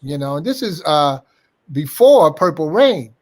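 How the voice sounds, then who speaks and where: An older man recalling old times in an interview, his voice sitting a bit higher than most men's. He is a lively storyteller who slips into the voices of the people he quotes. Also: a little slow. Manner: animated anecdote-teller, acting out quoted dialogue. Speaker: interview guest.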